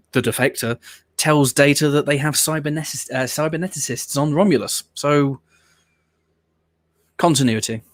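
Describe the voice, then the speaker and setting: A man hosts a watch-along show, giving casual reaction commentary as he chats and rambles, offering blunt opinions and the odd swear word. His voice is medium-pitched, with no echo.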